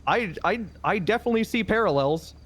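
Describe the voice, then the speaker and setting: Animated, fairly high-voiced man recounting. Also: fairly quick. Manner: animated storyteller, swears freely. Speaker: police officer in role-play. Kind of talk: in-character role-play chat.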